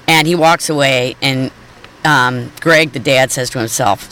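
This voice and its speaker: A woman radio host reading newspaper comic strips aloud, chatty and animated, with asides and fillers. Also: rumbling low, measured pace, a little hiss or hum.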